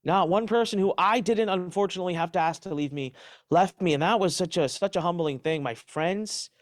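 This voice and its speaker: Middle-aged man, interview guest, animated and emphatic, dry sound. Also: high voice, a little fast, no echo. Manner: emphatic, animated retelling with restarts. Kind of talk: candid interview answers.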